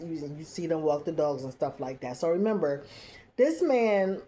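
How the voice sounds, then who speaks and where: A woman recapping a reality show in a casual, opinionated, animated way. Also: low-pitched, normal speed. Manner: chatty, opinionated, animated storytelling with playful asides.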